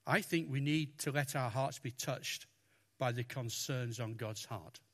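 A man preaching a sermon, talking through a Bible passage with lots of expression and acting out the lines he quotes. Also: unhurried. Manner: expressive, animated, acts out quotes with raised pitch.

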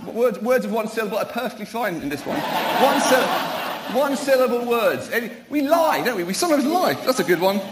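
Middle-aged pastor, high and lively voice, playful church talk for children. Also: male voice, moderate pace, heavy background noise. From Wales. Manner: playful and animated, quizzing children and calling them up.

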